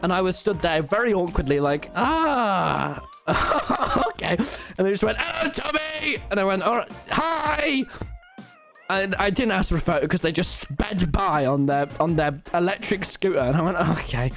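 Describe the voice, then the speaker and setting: A young man, telling stories excitedly on a live stream, swearing often and breaking into laughter. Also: high voice, fast, soft background music. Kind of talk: casual live-stream storytelling.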